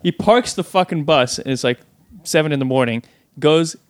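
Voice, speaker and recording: A man's voice: a little high, normal speed, no echo. A man co-hosting a podcast, recounting memories bluntly with casual swearing. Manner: laughing, blunt recollection with swearing. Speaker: podcast co-host. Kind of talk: casual chat.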